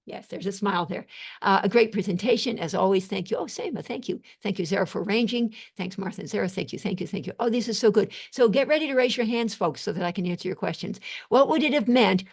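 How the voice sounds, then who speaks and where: An older woman, a psychiatrist, hosting a live webinar Q&A, reading chat comments aloud with effusive thanks and halting restarts over a video call. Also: mid-range voice, creaky, a little mellow.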